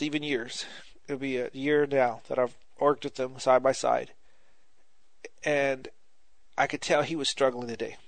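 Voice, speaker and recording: A man's voice: mid-range voice, no echo. Man preaching an informal testimony. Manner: conversational, repeats phrases for emphasis, ends in prayer.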